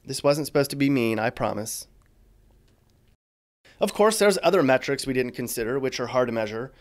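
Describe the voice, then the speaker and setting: A man's voice: medium pitch, moderate pace. A man hosting a YouTube video, narrating from a script with playful, teasing asides. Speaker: YouTube host.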